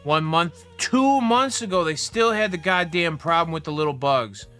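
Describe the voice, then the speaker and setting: A man's voice: a little high, normal speed, a bit bright, faint music behind. A young man hosting a livestream, ranting casually with heavy profanity and a heated, rambling delivery. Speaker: livestream host.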